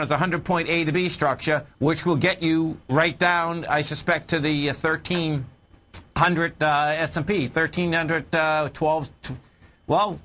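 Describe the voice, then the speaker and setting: Man, radio market host, emphatic, repetitive, bright tone, fairly high pitch. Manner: emphatic, repeats phrases, addresses folks. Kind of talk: radio market talk with callers. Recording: radio broadcast.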